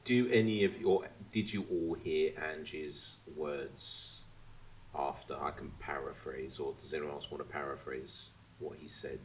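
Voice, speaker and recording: A man hosting a podcast, chatting casually and ranting with animated asides and swearing. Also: a bass voice, measured pace, slight background noise. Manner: animated, swearing, mimics others mid-rant. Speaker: podcast host. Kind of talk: casual chat.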